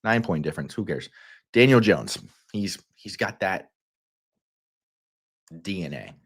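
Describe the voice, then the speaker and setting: A man with a Southern American accent, hosting a fantasy football livestream in a playful, rambling way with quick energetic bursts. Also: low voice, slightly rough. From Kentucky. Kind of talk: casual livestream talk.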